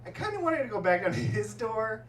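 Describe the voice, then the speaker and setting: A man doing a stand-up set, telling stories in an animated way and laughing at his own jokes in a comedy club. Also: high-pitched, fairly quick, a little hiss or hum. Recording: roomy club sound, mic at a distance, audience laughter.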